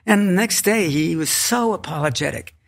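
A man's voice: high-pitched, expressive, moderate pace, gravelly. An older man, a guest actor, telling rambling stories with many restarts in a podcast interview. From United States.

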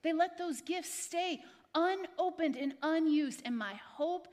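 A woman's voice: very high-pitched, takes it slowly, darkish tone. A woman pastor preaching a sermon to a live congregation in a church, repeating phrases and speaking to people by name. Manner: repetitive, exhorting, addresses congregation by name.

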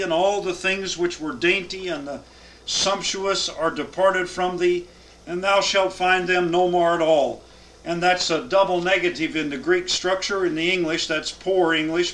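High-voiced man teaching Bible class. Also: fairly bright tone, a little hiss or hum, poor audio. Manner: reads scripture aloud with emphatic cadence, then explains.

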